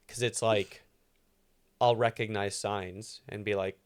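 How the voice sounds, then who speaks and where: Low-voiced man chatting on a podcast. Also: steady tone, slow pace. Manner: rambling, lots of fillers and restarts. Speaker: podcast co-host. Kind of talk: casual chat.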